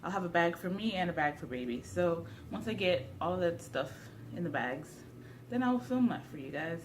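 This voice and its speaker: A woman's voice: lowish voice, animated, normal speed, slight background noise. A young pregnant woman chatting casually to camera in a vlog, a little out of breath and self-deprecating. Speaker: vlogger. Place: at home indoors.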